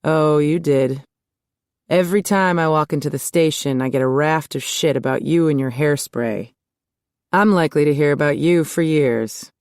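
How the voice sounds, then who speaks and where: A guarded, no-nonsense male cop, read by a woman in an audiobook, answering in short, low, clipped lines. The voice sits deep and close, with a dry, dead studio sound. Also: moderate pace, darkish tone, clean tone, dry recording. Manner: curt, low and terse.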